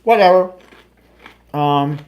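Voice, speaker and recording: A man's voice: fairly high pitch, slow pace, lo-fi sound. A man from Canada co-hosting a casual livestream chat, reading viewer comments and ranting bluntly about the news. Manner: blunt, opinionated, animated ranting.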